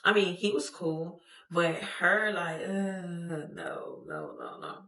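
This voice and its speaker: A young woman telling a storytime vlog to camera, expressive and slangy, swearing freely and acting out what people said. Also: lowish voice, takes it slowly. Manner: expressive, slangy, profane, acts out quotes, laughs often. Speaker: storytime vlogger. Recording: echoey room.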